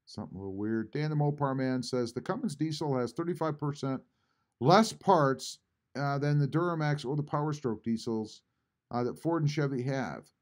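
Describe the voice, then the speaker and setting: A man hosting a casual live stream from home, reading chat messages aloud and answering them with frequent pauses. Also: medium pitch. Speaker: YouTube channel host reading live chat. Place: home, at a computer.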